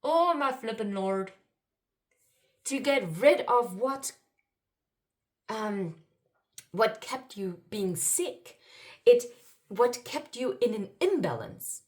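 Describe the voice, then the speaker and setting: A woman doing an intuitive card reading for her viewers, excitable and exclaiming, swinging between murmured asides and loud outbursts. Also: a little high, slow, pauses often. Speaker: spiritual card reader.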